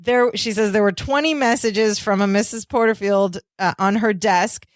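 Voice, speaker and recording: A woman's voice: medium pitch, normal speed, dry recording, studio quality. A woman co-hosting a podcast, casually recapping a sitcom episode scene by scene and now and then quoting lines in a put-on voice. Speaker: podcast co-host.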